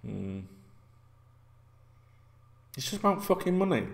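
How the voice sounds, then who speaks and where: Sweary ranting Yorkshireman, animated pitch. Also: slow, vocal fry. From North Yorkshire, England. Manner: sweary, repetitive, heated ranting. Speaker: football fan channel host. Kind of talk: ranting football fan vlog. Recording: echoey room.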